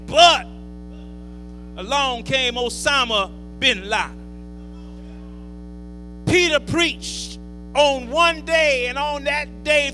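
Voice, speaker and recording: A male pastor, preaching a call-and-response sermon that swells into shouts. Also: very high voice. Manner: preaching with rising shouts and drawn-out words. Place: church. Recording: hall reverb with faint music and hum.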